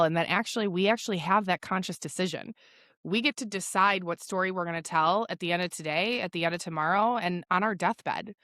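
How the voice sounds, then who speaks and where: A woman in her thirties hosting a podcast, telling a story in a casual, profane, animated monologue. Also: mid-range voice, no room sound, clean studio sound. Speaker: podcast host.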